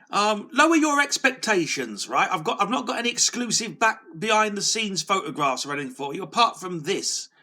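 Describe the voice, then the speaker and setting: A man's voice: high voice, sharp tone. A man hosting a casual solo video, rambling and self-deprecating as he talks, often restarting his sentences. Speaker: video host.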